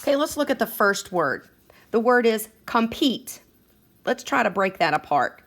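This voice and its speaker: A woman's voice: on the high side, sing-song, moderate pace, a bit bright. A woman teaching a second grade phonics lesson, patient and encouraging as she sounds out words for children.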